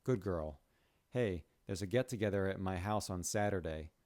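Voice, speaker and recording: A man's voice: low-pitched, normal speed, a little mellow, close to an everyday voice. A man doing a smug, gloating young jock. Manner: smug, taunting.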